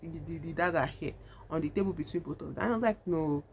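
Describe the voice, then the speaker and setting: This vlogger has a deep, darkish voice with vocal fry, and she talks fast. As she applies makeup, she rambles casually about a horror film, peppering everything with "like" and "you know," over slight background noise.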